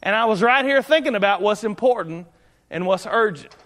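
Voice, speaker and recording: A man preaches in a high, light voice. He talks in a homespun, conversational way, circling back and restarting his sentences. His voice rings with the long reverb of a church sanctuary. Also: expressive, fairly quick, a bit bright. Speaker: pastor. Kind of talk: sermon.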